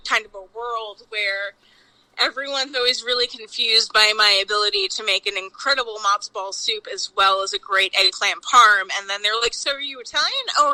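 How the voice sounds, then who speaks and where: A woman from Long Island, a chef and podcast guest, talking casually over a phone call in a chatty, animated way, full of "like" and casual swearing. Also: medium pitch, moderate pace, no echo. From Long Island, New York. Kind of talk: casual interview chat.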